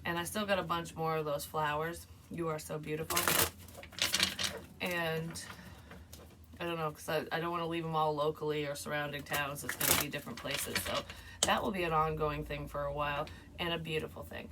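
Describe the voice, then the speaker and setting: A woman with a low voice chats her way through a tarot reading for her viewers, rambling and laughing along the way. The recording carries a steady, clear hiss of background noise. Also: a little fast. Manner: rambling, chatty, laughs often. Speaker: tarot reader. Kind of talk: casual tarot reading vlog.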